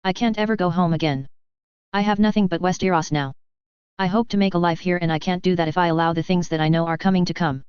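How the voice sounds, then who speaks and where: A woman voicing an earnest young man from modern times, speaking in a measured, pleading way as she reads a fantasy story aloud. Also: fairly low pitch, fairly even intonation, darkish tone, clear, resonant tone, no room sound, close to an everyday voice. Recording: slightly dull lo-fi dry.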